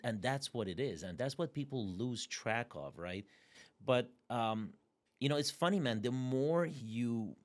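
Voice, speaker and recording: A man's voice: lowish voice, a little mellow. A man hosting an interview, speaking emphatically in a motivational way and often asking "right?". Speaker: podcast host. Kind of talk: casual interview talk.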